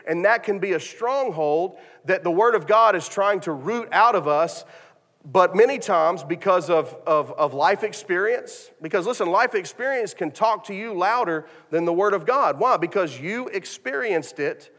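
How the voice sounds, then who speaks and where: A man's voice: high-pitched, expressive, normal speed, fairly bright tone. A man preaching a sermon, telling a story with many restarts and repeated words. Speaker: pastor. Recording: long hall reverb.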